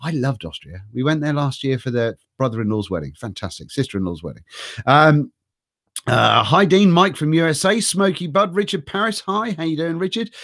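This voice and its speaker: A man's voice: fairly high pitch, lively intonation, normal speed, fairly bright tone, no room sound, clean studio sound. A middle-aged man with a cold, hosting a live stream and chatting casually while reading out names from chat, swearing now and then. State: has a cold. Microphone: desk microphone.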